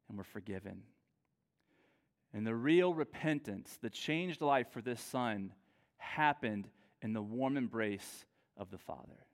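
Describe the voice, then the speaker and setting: A man preaching a sermon with earnest emphasis, dropping soft and low, then rising with energy. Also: long reverb tail. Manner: earnest, shifts between soft low lines and raised emphatic ones. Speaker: pastor.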